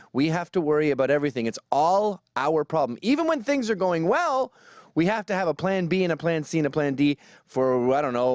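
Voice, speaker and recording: A man's voice: fairly high pitch, a little mellow, no room sound, clean studio sound. A man giving a sarcastic, ranting comedic commentary, mocking as he goes. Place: New York.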